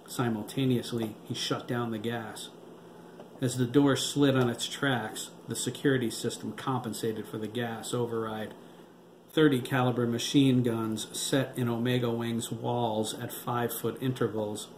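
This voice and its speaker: An author narrates his own novel in a steady, even voice at a mid pitch. The sound is roomy, with a faint hiss in the background. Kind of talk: audiobook narration.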